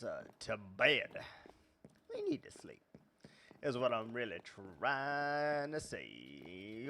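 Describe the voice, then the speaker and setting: Slow-talking man rambling through gameplay. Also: medium pitch, a bit bright, a little hiss or hum. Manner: rambling and self-correcting, with many fillers. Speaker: let's play host. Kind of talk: casual gameplay commentary.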